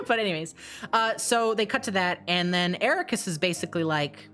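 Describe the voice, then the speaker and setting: A woman streamer casually retelling a story, animated and swearing, with quick asides and restarts. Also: lowish voice, faint music behind.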